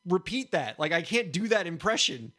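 A man hosting a podcast, talking in an animated, self-mocking way and laughing often. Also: high voice, normal speed. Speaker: podcast host. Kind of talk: podcast talk.

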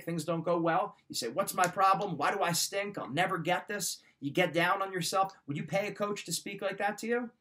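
A man with a slightly raised pitch gives motivational life advice. He talks straight at the listener like a coach and drives the same points home again and again. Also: a bit bright. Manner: direct, coaching, repeats key points. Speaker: podcast host giving life advice. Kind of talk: motivational talk.

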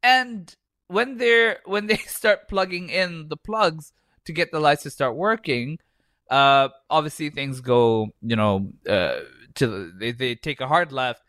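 A man's voice: a little high, unhurried, sharp tone, no room sound, studio quality. A man co-hosting a podcast, casually reviewing a film with a lot of swearing and laughter, acting out scenes as he goes. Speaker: podcast co-host. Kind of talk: casual movie review chat.

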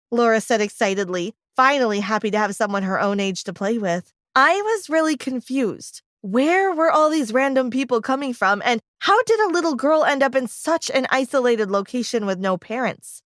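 A woman's voice: on the high side, expressive, normal speed, hardly any pauses, fairly bright tone, dry recording, clean studio sound. A woman narrating a first-person story, reading expressively.

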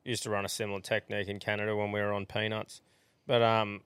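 A man's voice: lowish voice, little pitch movement, quick pace, a bit bright, smooth, no room sound. An Australian man co-hosting a podcast, chatting in laid-back, sweary banter. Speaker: podcast co-host. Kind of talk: casual chat.

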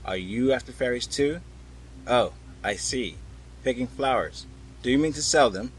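A man's voice: mid-range voice, animated, normal speed, lightly acted, low-quality recording. Man doing a dry, mocking wanderer. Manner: dry, sardonic.

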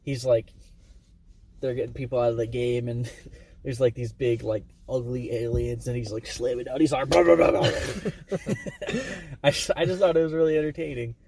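A man's voice: medium pitch, fairly even intonation, brisk, mellow. A man co-hosting a podcast, chatting casually about movies and acting out scenes with silly voices. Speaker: podcast co-host. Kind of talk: casual movie review chat.

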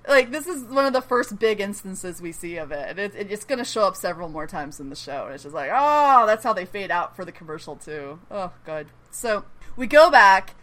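A woman hosting a podcast, recapping a TV episode in casual chat, excitable and quick to laugh and swear. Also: mid-range voice. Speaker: podcast host.

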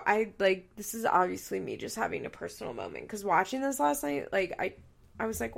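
Tearful, gravelly-voiced woman podcast host. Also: mid-range voice, big pitch swings, brisk. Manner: blunt and profane, rambling with self-corrections. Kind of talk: candid casual chat.

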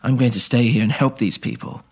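A man voicing a resolute knight who speaks calmly and firmly in a scripted audio drama. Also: mid-range voice, brisk, husky, close to an everyday voice. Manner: calm, resolute.

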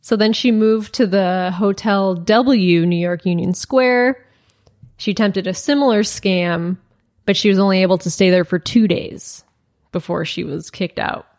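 A woman's voice: mid-range voice, unhurried. A woman co-hosting a podcast, casually retelling a story and acting out the quoted lines, with lots of "like" fillers. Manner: animated retelling, acts out quoted dialogue, many "like" fillers. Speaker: podcast co-host.

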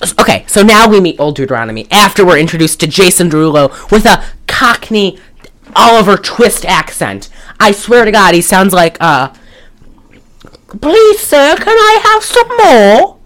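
This podcast host reviews a movie in a relaxed, joking chat full of swearing and bursts of laughter. She has a lowish voice at a normal speed, captured in a low-quality recording.

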